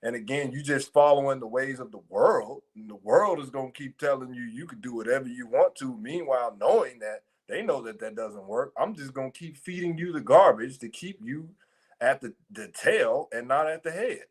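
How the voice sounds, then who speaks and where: A man's voice: medium pitch, expressive, normal speed, breathy edge. A man co-hosting a ministry podcast, talking casually but emphatically, with preachy rhetorical questions. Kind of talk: casual chat.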